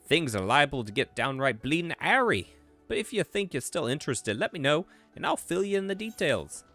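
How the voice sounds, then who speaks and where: A man voicing a gruff, brash tavern keeper in a swashbuckling British rogue accent, reading game dialogue. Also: a little high, big pitch swings, a little fast, bright, forceful tone, faint music behind, voice pushed up, exaggerated voice. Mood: boisterous.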